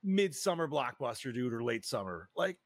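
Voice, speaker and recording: An animated man co-hosting a casual podcast chat. His pitch swings widely as he rants and swears freely. The sound is dry and close. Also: normal speed, no room sound. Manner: animated, profane, says "dude" a lot. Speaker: podcast co-host.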